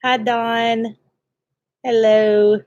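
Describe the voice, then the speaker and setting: A woman's voice: a little high, level tone, drawn-out words, a little mellow, no echo, lo-fi sound. A woman, co-hosting a homestead livestream and cheerfully greeting viewers by name with frequent laughs. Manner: cheerful, laughs often, reads viewer names.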